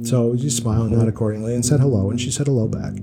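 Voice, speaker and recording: A man co-hosting a podcast tells a story at a middle pitch, circling back and correcting himself as he goes. Loud guitar music plays behind him throughout. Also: racing, vocal fry. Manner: rambling, self-correcting storyteller. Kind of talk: casual podcast chat and storytelling.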